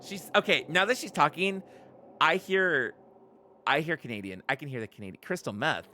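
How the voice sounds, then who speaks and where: Excitable woman streamer, bright voice. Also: deep voice, normal speed, a little hiss or hum. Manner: excitable, laughs often, chatty with viewers. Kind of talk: casual live-stream commentary.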